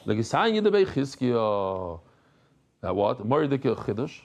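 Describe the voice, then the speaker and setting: A middle-aged man giving a daily Talmud lesson, animated and jokey, mixing in Hebrew and Yiddish terms. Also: mid-range voice, unhurried, muffled recording. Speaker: Talmud teacher.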